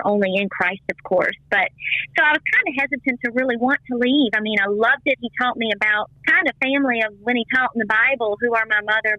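A woman's voice: no room sound, muffled recording. A middle-aged woman, a former missionary and teacher, telling her faith story in an interview and acting out the voices she quotes. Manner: lively storyteller, acts out quoted voices with big pitch jumps. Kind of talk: personal faith story told in conversation.

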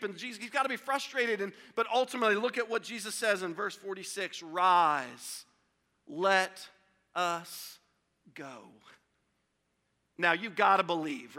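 A man preaching a sermon as a pastor, emphatic and repetitive, swinging between loud builds and hushed drops. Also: high-pitched. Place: church sanctuary. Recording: long hall reverb.

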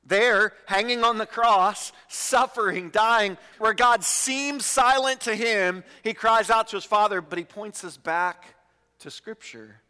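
A man preaching a sermon as pastor, earnest, slowing down to stress key words. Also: high voice, bright, forceful tone, big-room sound. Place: church sanctuary.

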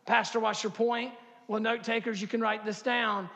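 Fifties male pastor, high-pitched and fervent, sanctuary with long reverb. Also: level tone, moderate pace, creaky. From Harkers Island, North Carolina. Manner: builds to loud impassioned preaching, repeats words, asks the crowd questions. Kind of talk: sermon. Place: church sanctuary.

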